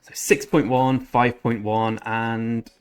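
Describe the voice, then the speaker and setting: A man's voice: mid-range voice, level tone, slow pace, clean tone, faint music behind. A man rambling through casual commentary over his strategy game, often correcting himself mid-sentence. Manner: chatty, rambling, self-correcting. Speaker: gaming channel host.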